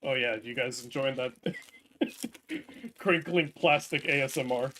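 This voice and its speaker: Man, casual stream chat, hesitant, filler-heavy, medium pitch. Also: measured pace, pushed and bright, slight background noise. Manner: chatty, hesitant with many ums and restarts.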